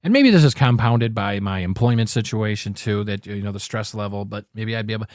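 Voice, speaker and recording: A man's voice: on the low side, fairly quick, darkish tone, no room sound, clean studio sound. A man hosting a podcast, ranting angrily about politics, swearing freely and rambling with frequent restarts. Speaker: podcast host. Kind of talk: profane political commentary rant.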